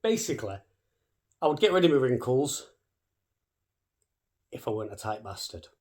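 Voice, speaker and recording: Man, thirties, casual vlog, fast cheeky talk, sweary, mid pitch. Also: very animated, a little mellow. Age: 30s. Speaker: vlogger.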